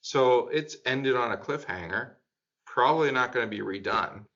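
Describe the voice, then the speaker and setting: A man's voice: mid-range voice, moderate pace, fairly bright tone. Enthusiastic rambling man, muffled audio. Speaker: podcast panelist. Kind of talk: casual group chat. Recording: dull lo-fi sound.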